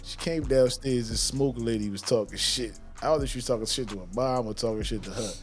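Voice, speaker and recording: A man in a casual podcast chat, telling a story in an animated, profane way and acting out screams. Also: mid-range voice, fast, soft background music.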